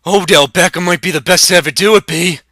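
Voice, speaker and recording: A man's voice: high-pitched, quick pace, pushed and bright, no echo, studio quality, pitched above the performer's own voice. A young man voicing a brash, profane sports bettor who trades crude insults. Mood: heated. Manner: crude insulting trash talk.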